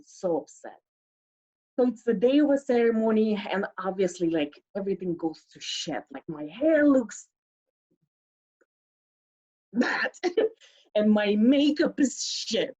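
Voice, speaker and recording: A woman tells a personal story to an audience in a chatty way, with plenty of "like", and slips into the voices of the people she quotes. Her pitch sits in an ordinary middle range. The sound is dull and lo-fi, like a streamed recording. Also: dark tone. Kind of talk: live storytelling monologue.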